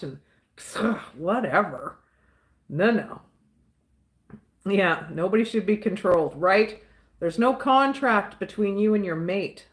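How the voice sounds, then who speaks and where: A woman hosting a livestream answers chat in a mid-range, animated voice at a slow pace. She comes from the Southern United States and has a Southern US accent, talking casually and outspokenly, rambling and repeating herself a lot.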